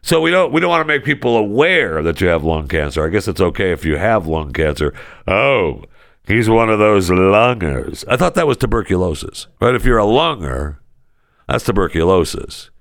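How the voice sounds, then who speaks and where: Gravelly, sarcastic male talk host. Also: low-pitched, a little fast, no echo, studio quality. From United States. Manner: animated, sarcastic, exasperated. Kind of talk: casual ranting commentary.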